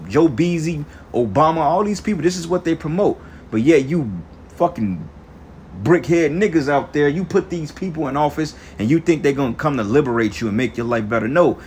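A man's voice: medium pitch, a little hiss or hum. Heated, profane man preaching scripture. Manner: profane, heated, ends phrases with "man" and "okay"; reads verses aloud in measured cadence. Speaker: scripture teacher. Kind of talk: angry scripture teaching.

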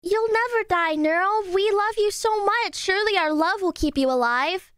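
A young woman streamer in casual stream chat, loud and playful with dramatic outbursts. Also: very high voice, moderate pace, no echo, studio quality.

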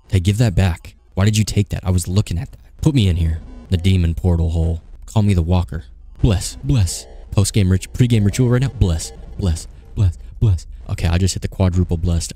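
Young guy playing a horror game, low gravelly voice, swears a lot, gets worked up. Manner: swearing, excitable, reads in-game notes aloud. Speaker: gaming YouTuber. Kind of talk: casual gameplay commentary.

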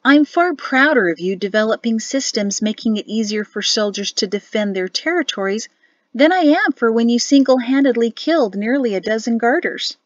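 Woman voicing a gentle, patient wife. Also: fairly high pitch, expressive, moderate pace, no echo, lo-fi sound, lightly acted. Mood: soothing. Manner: gently soothing, encouraging. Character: patient, affectionate wife and mother.

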